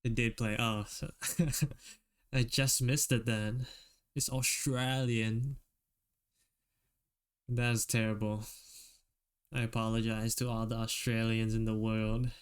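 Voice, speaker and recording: Man, streamer, casual chat while drawing, relaxed, chuckling, clear smooth voice, unhurried. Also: medium pitch. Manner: relaxed, chuckling, chatting with viewers.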